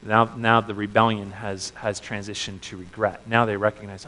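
A man preaching a sermon as a pastor, earnest, with frequent restarts, swinging between loud emphasis and hushed asides. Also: on the low side, steady tone, fairly quick, few pauses, big-room sound, poor audio.

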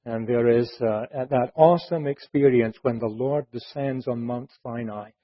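A man's voice: medium pitch, fairly even intonation, a little slow. A man preaching a sermon in an earnest, conversational way, asking rhetorical questions and often restarting his phrases. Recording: muffled, lo-fi recording.

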